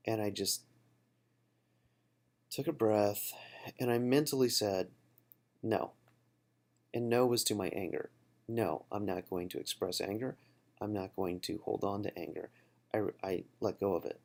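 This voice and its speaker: A man with a low, gravelly voice, speaking in a relaxed and reflective way. He talks casually about a book and his own experience, pausing with fillers and restarting his thoughts as he goes. The delivery is unscripted and personal, with a slight creak at the ends of phrases. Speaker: book study host.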